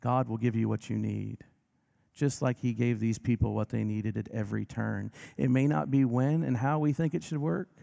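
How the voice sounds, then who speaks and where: A man preaching a sermon as pastor, gentle and reassuring, slowing down for emphasis. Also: mid-range voice, fairly even intonation, gravelly.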